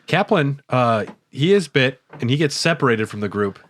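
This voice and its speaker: A man with an average-pitched voice chats on a casual film podcast. He is opinionated and conversational, picking apart effects and plot habits. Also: lively intonation, normal speed, a bit bright. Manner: opinionated, critiques films conversationally. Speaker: podcast co-host. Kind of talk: casual movie podcast chat.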